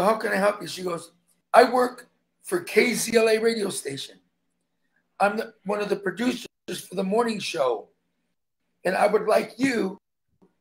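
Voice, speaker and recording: A man's voice: high voice, fairly bright tone. A man who is a stuntman, guesting on an interview and telling emphatic stories in which he acts out the dialogue.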